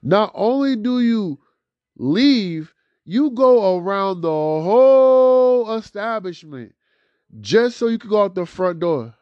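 Animated young man ranting, lo-fi. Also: slow, smooth, dry recording. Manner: animated, profane, swings from loud outbursts to low mutters. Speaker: podcast host. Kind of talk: solo rant podcast. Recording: dull lo-fi dry recording.

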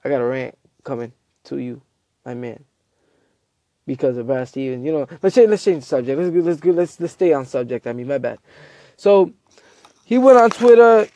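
A man hosting a casual show, telling a comedic story in a rambling, animated way and acting out quotes. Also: medium pitch, normal speed, no echo. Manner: animated, acts out quotes, self-interrupting. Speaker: host.

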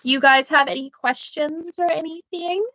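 A woman's voice: high voice, moderate pace, pushed and bright, no room sound. A woman hosting a podcast in a chatty, casual way, with lots of fillers and restarts and frequent giggles. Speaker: podcast host.

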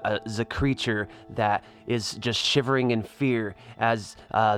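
A man narrates a tabletop game as its game master in a lowish voice. He describes each scene in detail and stops often for fillers. Quiet music plays underneath.

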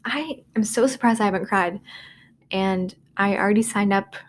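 A woman in her 20s with a mid-range voice hosts a casual solo podcast from her dorm room, speaking at a moderate pace. She rambles and pokes fun at herself, filling her talk with "like" and "um." A faint hiss or hum sits under the recording.

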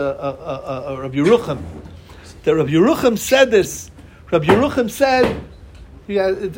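A man's voice: very high voice, slight background noise. A man giving a Torah class, talking animatedly and asking his listeners rhetorical questions. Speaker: Torah teacher.

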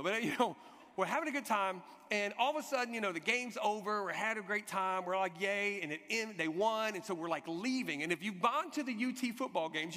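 A man preaching a sermon, telling an animated personal story and acting out the people in it. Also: high-pitched. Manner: animated storytelling, shouts acted quotes. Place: church hall. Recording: long hall reverb.

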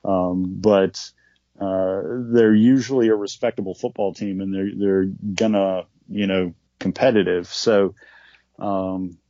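Low-voiced man in casual sports chat. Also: unhurried, dry recording, muffled recording. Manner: relaxed, conversational, with many fillers. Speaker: podcast co-host.

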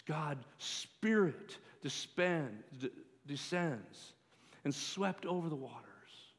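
A man preaching a sermon as pastor, in a measured way that rises for pleas. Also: fairly high pitch, expressive. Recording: long hall reverb.

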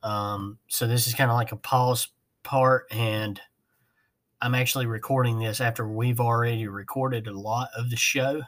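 A man's voice: mid-range voice, fairly even intonation, moderate pace, fairly bright tone. Rambling man hosting a podcast. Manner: rambling, self-mocking, with fillers and laughs. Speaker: podcast host. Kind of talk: casual podcast chat.

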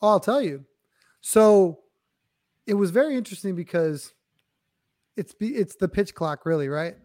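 High-voiced laid-back man sports talker. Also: expressive, moderate pace, a little mellow. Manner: laid-back, explains plays, casual slang. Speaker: guest co-host. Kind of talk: casual sports chat.

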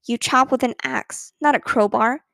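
A woman voicing a calm, matter-of-fact little boy from first grade in a storybook reading. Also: on the high side, normal speed, gravelly, dry recording, clean studio sound. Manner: calm, flat, literal-minded.

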